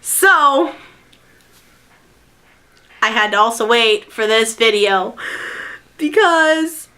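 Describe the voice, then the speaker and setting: A woman vlogger telling a personal story. Her voice sits high and bright, and she chatters excitedly and giggles often between her sentences. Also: drawn-out words. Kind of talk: storytime vlog.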